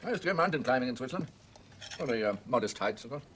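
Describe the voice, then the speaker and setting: A fumbling, polite army major halts and stammers through his lines, his pitch swinging widely as he talks, played by a man. The sound comes from a noisy 1970s TV drama soundtrack with a clear hiss behind the voice. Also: animated, lightly acted. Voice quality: stammering, halting. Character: hesitant, awkward, polite middle-aged army major. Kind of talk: 1970s TV period drama acting.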